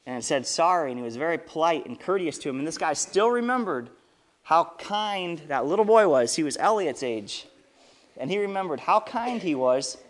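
Lively children's sermon storyteller. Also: mid-range voice, moderate pace. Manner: lively, asks the kids questions. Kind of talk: story told to children with questions. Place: church service.

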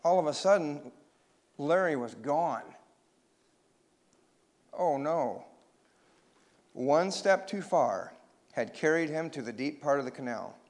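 A man reading a children's story aloud, expressive and pausing to ask his listeners questions. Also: a little high.

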